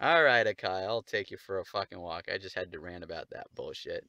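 Young man, profane and mocking, lively up-and-down pitch, laughs a lot, outdoors on a walk. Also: a little fast. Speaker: vlogger. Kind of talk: casual rant while walking a dog.

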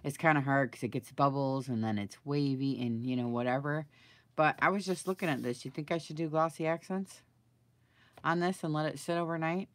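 Deep-voiced and brisk, a middle-aged craft video maker chats casually during a live crafting stream, wondering aloud and asking her viewers for input. The recording is dry.

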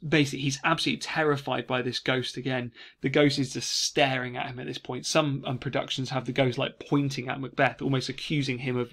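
A man explains a text to students in a relaxed, conversational way. His voice sits at an ordinary middle pitch, and he lifts it with lively emphasis whenever he reads out a quoted line. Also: brisk. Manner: chatty, lively reading of quoted lines. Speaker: English teacher. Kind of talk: casual revision lesson.

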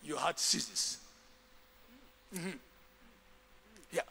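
A man preaching a sermon as a bishop, dramatic and animated, jumping from shouts to low murmurs. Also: drawn-out words, creaky, in a large hall, a little hiss or hum.

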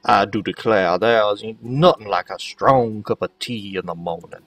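A man's voice: fairly low pitch, normal speed, a bit bright, recorded from a distance, soft background music. A man voicing a folksy older male mayor in a put-on American Southern drawl. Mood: genteel.

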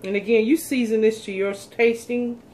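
A woman's voice: a little high, fairly even intonation, normal speed, warm tone, slight background noise. A woman, chatting folksily to viewers as she demonstrates cooking in her home kitchen. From North Carolina, USA. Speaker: cooking channel host.

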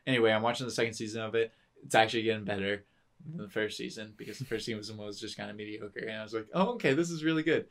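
A man's voice: on the low side, little pitch movement, very fast, vocal fry, a bit bright. Guy rambling about shows on a podcast, lots of restarts, keeps laughing. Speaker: podcast co-host. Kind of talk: casual chat.

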